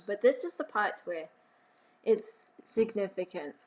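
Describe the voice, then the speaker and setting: A woman's voice: mid-range voice, animated, measured pace, darkish tone. A young woman hosting a podcast, chatting casually about comics in a rambling way with fillers. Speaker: podcast host. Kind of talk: casual comic book commentary.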